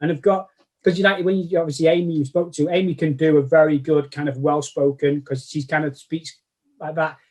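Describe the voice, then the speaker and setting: A man's voice: fairly high pitch, level tone, brisk, darkish tone. A man with a Manchester accent, a guest chatting casually in an interview and often restarting his sentences. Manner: rambling, lots of restarts and self-corrections. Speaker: guest cosplayer.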